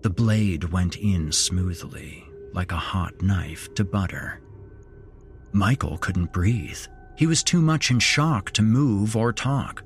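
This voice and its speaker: A man narrating a horror story in a slow, measured storytelling manner as podcast host. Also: low-pitched, expressive, soft background music.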